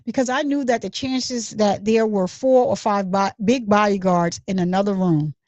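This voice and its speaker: A woman's voice: mid-range voice, fairly even intonation, moderate pace, darkish tone, no room sound, natural voice. A woman reading the lines of a male witness in court, recounting events with plain, hesitant speech. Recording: dull lo-fi, dry.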